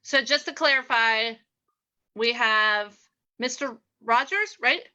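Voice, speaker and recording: A woman's voice: fairly high pitch, takes it slowly, bright, forceful tone. A woman hosting an improv game over a video call, chatty and giggly.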